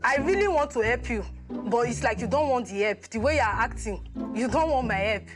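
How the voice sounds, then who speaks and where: A woman's voice: fairly high pitch, expressive, a little fast, over music, close to an everyday voice. An actress playing an overbearing, preachy female visa officer who sermonizes applicants, with a Nigerian accent.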